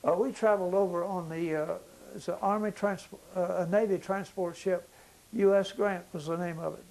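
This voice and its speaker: An older man, a veteran, recounting his memories in an oral history interview, pausing often with fillers as he searches for details. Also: high voice, fairly even intonation, gravelly, darkish tone, rough recording. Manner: halting recollection with many fillers.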